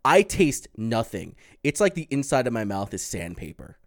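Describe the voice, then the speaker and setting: A man in casual chat, telling a drawn-out story and swearing freely. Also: medium pitch, sing-song, dry recording, studio quality.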